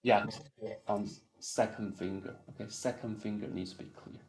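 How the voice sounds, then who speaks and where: A man's voice: lowish voice, fairly even intonation, moderate pace, darkish tone. A man giving a one-on-one piano lesson, coaching and singing phrases in syllables. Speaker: piano teacher.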